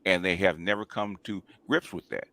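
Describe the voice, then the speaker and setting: Deep-voiced male host, emphatic. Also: normal speed, vocal fry, pushed and bright. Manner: emphatic, repeats "okay?" and "right?". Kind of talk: casual talk show, explaining.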